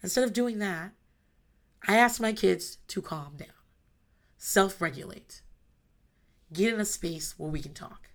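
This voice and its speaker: A woman's voice: medium pitch, lively intonation, unhurried, pauses often. A mother in her thirties talking candidly about parenting, blunt and emphatic, swearing freely. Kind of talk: casual monologue.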